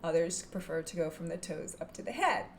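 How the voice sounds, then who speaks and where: A woman teaching hypnotherapy technique in a calm, gentle manner, sometimes dropping into a soft whisper. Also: lowish voice, brisk, slight background noise. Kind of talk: instructional talk to camera.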